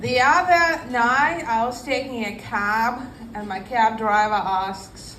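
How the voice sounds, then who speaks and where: A woman in her forties with a Russian accent doing a stand-up set, dry and unhurried with pauses. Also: on the high side, background noise. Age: 40s. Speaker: stand-up comedian. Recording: echoey room, voice a bit far from the mic.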